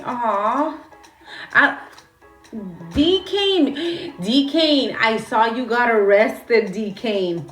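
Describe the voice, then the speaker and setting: A woman's voice: on the high side, extremely slow, a bit bright, echoey room, distant mic, faint music behind. A woman livestreaming from her phone, talking bluntly and rambling, swearing and greeting her chat as she goes.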